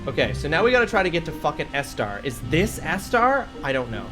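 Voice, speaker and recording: A man's voice: fairly high pitch, big pitch swings, brisk. A young man live-streaming a game, bantering with chat, joking and swearing as he rambles. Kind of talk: casual live-stream chat while gaming. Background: game music.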